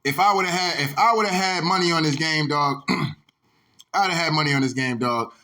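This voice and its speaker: Fired-up high-voiced man ranting about football. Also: normal speed, pushed and bright. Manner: heated, repetitive, profane, keeps saying "dog". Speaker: sports vlogger. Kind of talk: ranting sports commentary.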